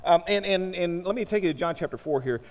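A male preacher giving a sermon and reading scripture aloud. He stumbles over restarts, then builds to loud, emphatic passages. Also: sits high, fast, gravelly. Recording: long reverb of a large hall.

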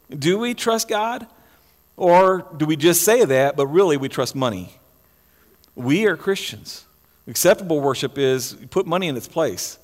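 Emphatic pastor preaching in a reverberant hall. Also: male voice, high voice, lively intonation, measured pace. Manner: emphatic preaching with repeated words and restarts. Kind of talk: sermon. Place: church sanctuary.

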